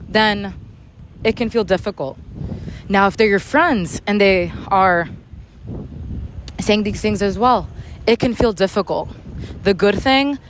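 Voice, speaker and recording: A woman talks through a casual motivational podcast monologue outdoors near traffic. She speaks loudly and candidly, in a mid-pitched voice, slangy and profane. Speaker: podcast host.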